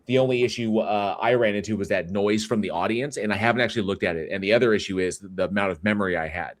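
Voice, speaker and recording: Low-voiced man chatting on a livestream. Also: fast. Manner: rambling, reads chat aloud, many fillers and restarts. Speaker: livestream host. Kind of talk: casual livestream chat.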